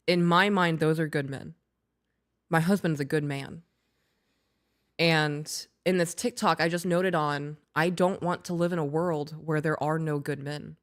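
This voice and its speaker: This woman speaks in a low-pitched voice with fairly even intonation, a little slowly and with frequent pauses. Co-hosting a casual podcast chat, she's blunt and profane, laughing her way through her stories.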